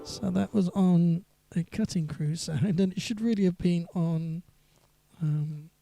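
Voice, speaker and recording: Man, high voice, mellow tone, chatty rambling musician on a live stream. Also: a little slow, gravelly, no room sound, faint music behind. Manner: chatty and rambling, reads viewer comments aloud. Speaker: singer-songwriter. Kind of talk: live stream chat between songs.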